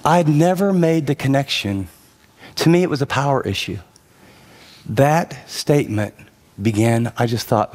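A man's voice: medium pitch, lively intonation, normal speed. A man preaching a sermon as a pastor, shifting between personal storytelling and urgent direct address, driving points home with repeated emphatic phrases.

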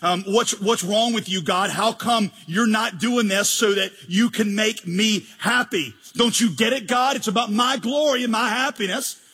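A man's voice: high-pitched, moderate pace, few pauses, husky, heavily acted. A pastor voicing a whiny, self-centered male churchgoer who demands things from God in prayer. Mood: indignant. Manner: demanding, indignant, shouty. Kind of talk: mocking impression within a sermon.

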